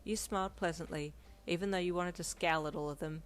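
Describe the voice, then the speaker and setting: A woman narrating a second-person fanfiction romance, steady and gentle. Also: lowish voice, a little fast, soft background music.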